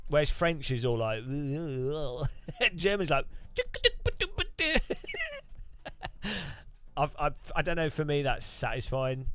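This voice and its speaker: A man's voice: on the high side, fairly bright tone, no room sound. A man chatting casually while sim racing, rambling and chuckling. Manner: rambling, chuckling, lots of restarts. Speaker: streamer.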